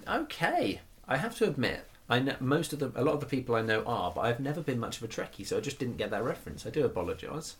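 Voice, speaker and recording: A man's voice: medium pitch, big pitch swings, fast, hardly any pauses, fairly bright tone, slight background noise. A man co-hosting a casual chat show, reading out listener comments in a teasing, wry way and laughing often. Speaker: podcast co-host.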